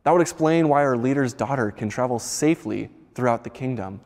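A man's voice: mid-range voice, a little fast, a little mellow, long reverb tail, close to an everyday voice. A man voicing a dreamy blind man who believes in magic, speaking wistfully.

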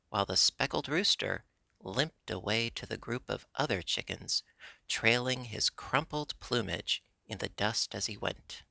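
A man reading a children's storybook as steady, even narration. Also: on the low side, gravelly, no room sound. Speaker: audiobook reader. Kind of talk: scripted narration.

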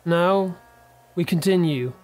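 A man narrating a horror story in a steady, serious storytelling voice. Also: sits high, slow. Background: faint background music.

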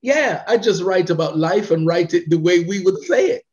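Chatty, animated man with a lo-fi sound. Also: high voice, normal speed. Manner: chatty, animated storyteller who laughs often. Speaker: radio presenter being interviewed. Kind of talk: casual interview chat. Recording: dull lo-fi sound.

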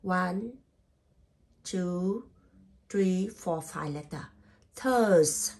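Woman English tutor, slow and patient, drills spelling sound by sound in simple non-native English, medium pitch. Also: expressive, a little mellow. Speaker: English teacher. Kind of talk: spelling lesson.

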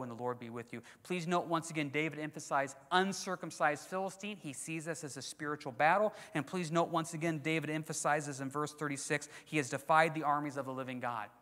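A man's voice: a little high, fairly bright tone. A man preaching a sermon, teaching conversationally and with emphasis, asking rhetorical questions. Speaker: pastor. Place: church sanctuary. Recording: long hall reverb.

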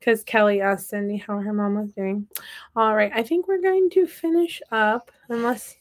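A woman's voice: mid-range voice, normal speed. A woman hosting a casual craft livestream from her home office, chatting and reading out viewer comments. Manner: playful and upbeat. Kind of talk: casual chat while crafting.

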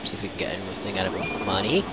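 A man's voice: low-pitched, rapid-fire, very noisy. Rambling man commenting on a game. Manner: rambling, sarcastic asides. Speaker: let's play commentator. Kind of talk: casual gameplay commentary. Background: video game music.

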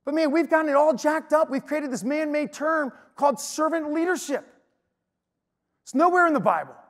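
A man preaching to an audience in an energetic, emphatic storytelling way. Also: very high voice, moderate pace. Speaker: speaker. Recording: long hall reverb.

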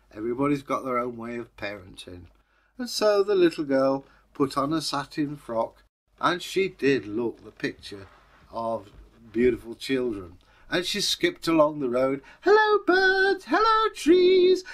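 A man's voice: mid-range voice, fairly bright tone. A man hosting his own channel, telling an old folktale in a chatty way with jokey asides. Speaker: storyteller, channel host. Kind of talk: casual folktale storytelling.

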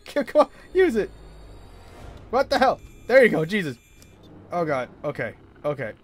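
A young man commenting on a horror game in a high voice that leaps all over the place. He jumps at every scare and covers it with nervous laughter. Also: sing-song, normal speed. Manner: jumpy, yelps and nervous laughter. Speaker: gaming streamer. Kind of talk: horror let's play commentary.

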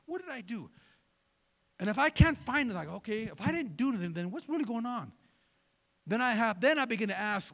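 Lively, gravelly man preaching. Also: high voice. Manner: conversational, joking, asks the crowd for replies. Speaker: pastor. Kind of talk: sermon.

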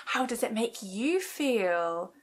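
A young woman hosting a rhyme-time session for small children in a library, speaking in a gentle sing-song way with gasps and hushed asides. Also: on the high side, animated, slow. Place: library, indoors.

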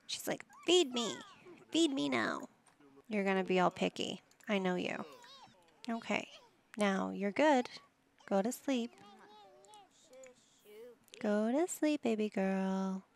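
A woman chats her way through a life-sim game, telling her characters what to do like a patient but slightly exasperated parent. She speaks slowly, with a gravelly fry in her mid-pitched voice. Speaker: gaming channel host. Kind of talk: casual gameplay commentary.

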